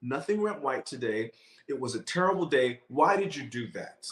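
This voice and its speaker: A man's voice: medium pitch, animated, normal speed, a bit bright, lightly acted. A man voicing a frustrated everyday man who complains about his bad day, in a whiny, rising voice, in a roomy space. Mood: complaining.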